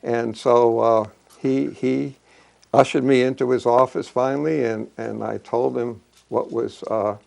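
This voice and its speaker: Older man, slow gravelly reminiscing. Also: medium pitch, fairly even intonation, darkish tone. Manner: halting, many fillers and restarts. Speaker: local historian. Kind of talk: reminiscing talk.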